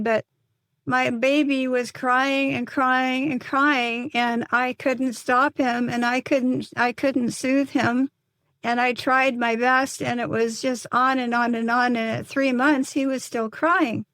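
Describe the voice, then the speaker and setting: An older woman, a psychotherapist and mother, telling a painful personal story in an interview, earnest and halting with many restarts. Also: on the high side, fairly even intonation, a bit bright, no echo.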